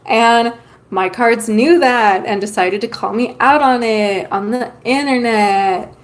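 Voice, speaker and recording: A woman streamer with a fairly high voice chats slowly and casually with her viewers while doing tarot readings. She's loose and talkative, uses lots of filler ums, and has the hiccups.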